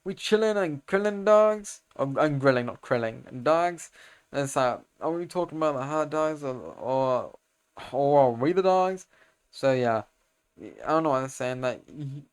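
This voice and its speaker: A young man casually recapping a comic, rambling in slang, correcting himself, and getting loud and excited over the fight scenes. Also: mid-range voice, a little slow, clean tone. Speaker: video creator explaining comics.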